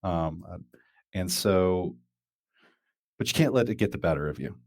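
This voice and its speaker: His low voice is animated and a little slow, captured in clean studio sound with no room sound. He's a podcast host in a casual chat, rambling loosely with plenty of fillers and restarts.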